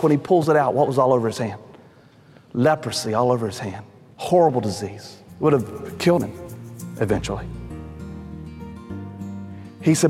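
Emphatic, high-voiced preacher in a reverberant hall. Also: male voice, sing-song, moderate pace, long pauses, faint music behind. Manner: emphatic, addresses listeners as folks, drops low for stress. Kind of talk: sermon.

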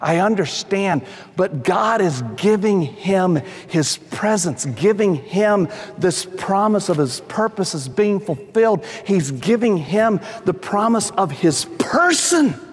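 A male preacher with a high voice delivers an emphatic sermon, dropping to a hush to drive points home and calling his listeners folks. His words ring with the long reverb of a large hall. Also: lively intonation, slow pace, slightly rough. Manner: emphatic, addresses listeners as folks, drops low for stress.

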